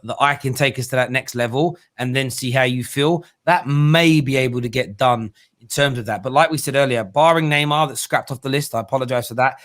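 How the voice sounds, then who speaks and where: A man's voice: medium pitch, fairly bright tone. A man hosting a casual live stream, chatty and rambling as he takes a caller. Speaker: host.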